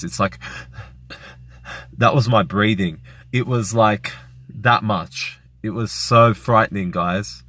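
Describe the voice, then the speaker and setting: A man's voice: mid-range voice, fairly bright tone, dry recording. A man vlogging, retelling a frightening personal experience in a rambling, emotional way with many fillers. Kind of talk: personal story vlog.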